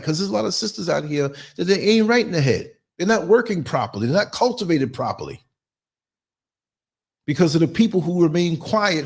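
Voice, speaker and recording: A man hosting his own podcast alone, holding forth in a blunt, preachy monologue. His voice is husky and sits fairly high for a man, and he slips into the voices of the people he quotes. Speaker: podcast host.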